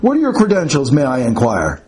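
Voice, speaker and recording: A man's voice: medium pitch, huge pitch swings, fairly quick, a little mellow. A man voicing an imperious, grumpy old male professor on his sickbed, who barks and bellows in a pompous manner.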